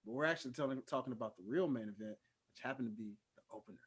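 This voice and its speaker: A man's voice: medium pitch, very fast, heavy background noise. A man hosting a casual talk show, laid-back and echoing his co-host's points. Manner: laid-back, echoes and agrees with his co-host. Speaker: show host. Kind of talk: casual chat.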